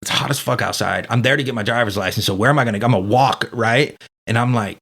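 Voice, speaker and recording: A man's voice: fairly low pitch, quick pace, creaky, a bit bright. A man as a podcast guest telling his story in a casual, candid way, swearing freely and leaning on fillers like "dude" and "man".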